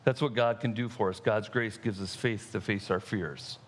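A middle-aged male pastor preaching a sermon, retelling a story and slowing down for emphasis. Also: fairly low pitch, fairly even intonation, a little hiss or hum.

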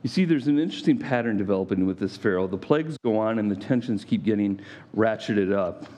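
A man preaching a sermon, animated and playful, acting out scripture with mock voices. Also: on the low side, fast talker. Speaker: pastor.

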